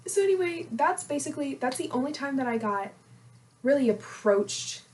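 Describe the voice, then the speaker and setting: A young woman in her twenties co-hosting a podcast, telling a gossipy story in a lively, animated way. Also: sits high, moderate pace. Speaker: podcast co-host. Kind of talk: casual storytelling chat.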